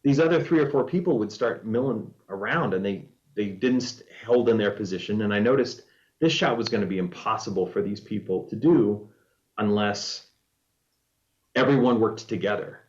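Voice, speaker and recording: A man, a former reality show contestant, casually telling a story in an animated way and acting out what people said. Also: lowish voice, normal speed. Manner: animated storyteller, acts out quoted lines. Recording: dull lo-fi audio.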